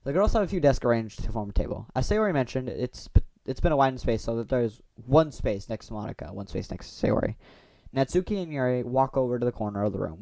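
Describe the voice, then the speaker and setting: A man's voice: medium pitch, creaky. Goofy young man reading a game aloud. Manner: goofy, chatty asides with fillers. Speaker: gaming channel host. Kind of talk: reading a visual novel aloud.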